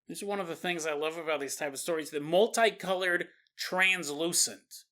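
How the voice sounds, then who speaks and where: A man hosting a podcast who narrates a story in an animated way and acts out its characters. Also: a little high, normal speed. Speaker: podcast host.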